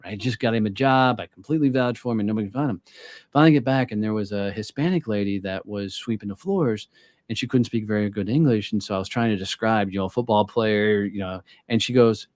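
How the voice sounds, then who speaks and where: A man's voice: fairly low pitch, fast talker, a little mellow, dry recording. A man, a guest sales trainer on a podcast, telling blunt stories and swearing freely in casual conversation.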